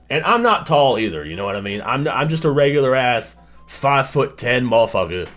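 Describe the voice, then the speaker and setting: A man's voice: mid-range voice, sing-song, a little fast, fairly bright tone, faint music behind. A young man streaming a reaction, swearing and exclaiming in disbelief as casual commentary. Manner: incredulous, profane, exclaiming.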